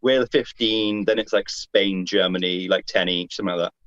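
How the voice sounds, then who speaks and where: A man's voice: fairly low pitch, steady tone, a little fast, dull audio, crowd noise. A man from the UK joining a live podcast, rambling and hesitant, with lots of fillers. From United Kingdom. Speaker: podcast guest panelist. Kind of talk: casual live chat.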